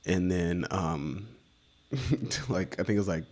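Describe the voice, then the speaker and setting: A man with a low voice talks through his path into photography in a relaxed interview. He slips into livelier imitations of the people he quotes as he tells it. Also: slow pace. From United States. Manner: animated storyteller acting out quoted voices. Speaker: guest photographer. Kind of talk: casual storytelling interview. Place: studio set.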